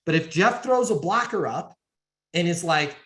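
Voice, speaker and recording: A man's voice: fairly high pitch, expressive, normal speed, a bit bright. A man running a sales training session over a video call, coaching emphatically and acting out short sales dialogues. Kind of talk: sales training talk to a live audience.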